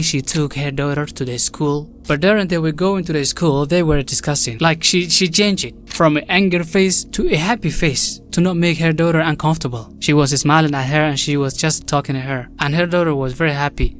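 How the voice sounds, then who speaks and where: A man's voice: fairly high pitch, brisk, few pauses, a bit bright. Chatty male storyteller over faint music. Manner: chatty, addresses viewers directly, non-native phrasing. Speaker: story narrator. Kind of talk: casual true-crime storytelling recap. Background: faint background music.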